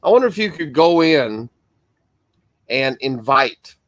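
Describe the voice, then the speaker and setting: A man's voice: a little high, sing-song, measured pace, fairly bright tone, no echo. Chatty man hosting a live Bible stream. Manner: chatty, greets viewers by name, rambling asides. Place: Michigan.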